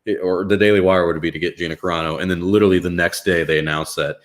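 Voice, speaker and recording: A man's voice: low-pitched, steady tone, quick pace. A young man hosting a live reaction stream, talking casually in a rambling, wry way with lots of fillers. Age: young adult.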